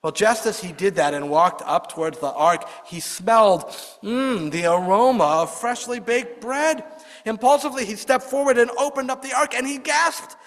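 A man telling a folk tale aloud, expressive, lifting his voice for the characters' lines. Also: very high-pitched, moderate pace. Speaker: storyteller. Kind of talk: oral storytelling. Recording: long hall reverb.

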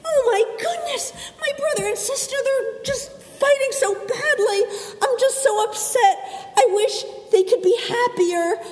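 A woman voicing an upset, tender-hearted young girl in a high, fluttery voice, in a storybook tale. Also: huge pitch swings, measured pace, exaggerated voice. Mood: distressed. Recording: echoey hall.

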